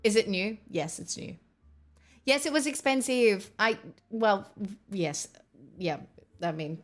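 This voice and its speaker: A woman's voice: medium pitch, expressive, slow pace. A young woman chatting casually on a live stream, rambling and swearing with exasperated asides. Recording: faint music behind.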